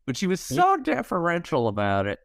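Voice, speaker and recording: This comedy writer in his sixties talks a little fast in a gravelly, slightly high voice whose pitch swoops wildly. He's telling wry stories for a podcast interview and acting out other people's lines. It's captured in a clean studio with no room sound.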